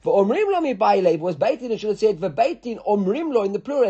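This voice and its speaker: Animated high-voiced man teaching Talmud. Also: fast talker, slightly rough, dull audio. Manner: animated, stumbling restarts, mixes Hebrew and Aramaic terms. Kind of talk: daily Gemara class.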